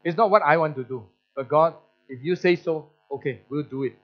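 High-voiced pastor preaching a sermon. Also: male voice, a little fast, dull audio. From Malaysia. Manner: storytelling, acts out quoted voices, frequent restarts.

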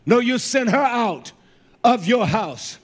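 A male preacher with a very high voice that swoops up and down, delivering a blunt, fiery sermon. He often shouts his points, swears freely and fills gaps with "uh" and repeated words. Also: expressive, slow.

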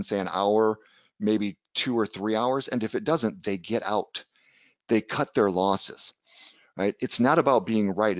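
A man's voice: fairly low pitch, dry recording, lo-fi sound. A man teaching about trading in a casual webinar lecture, conversational, telling anecdotes and checking in with "right?". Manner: conversational, tags points with "right?", tells anecdotes. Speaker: trading educator.

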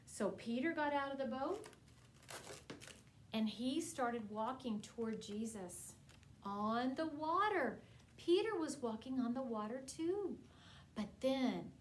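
A woman teaching a Bible class to preschoolers, telling a story in an animated, sing-song way, exaggerated for small children. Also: fairly high pitch, a little hiss or hum, rough recording.

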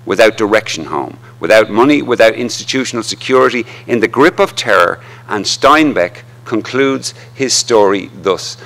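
Male lecturer, academic lecture, deep voice, gravelly. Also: a bit bright. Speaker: literature lecturer.

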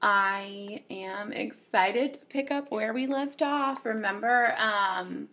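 A woman's voice: medium pitch, vocal fry. A woman teacher reading a children's book aloud to her class, her voice scratchy from allergies, stopping often to ask questions. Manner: warm, chatty storyteller who asks listeners questions.

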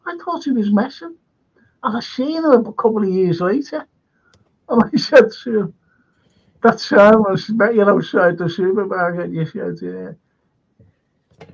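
High, slow man on a lo-fi stream. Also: expressive, breathy edge. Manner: reads comments aloud and chuckles at them. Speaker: live stream host reading viewer comments. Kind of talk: rambling casual chat and anecdotes. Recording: lo-fi stream audio.

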